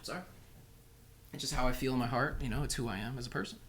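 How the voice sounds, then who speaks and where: A man's voice: mid-range voice, fast, a bit bright. An American man co-hosting a podcast, joking and rambling in casual chat, swearing freely and sounding a little tipsy. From United States. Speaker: podcast co-host. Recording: echoey room with crowd noise.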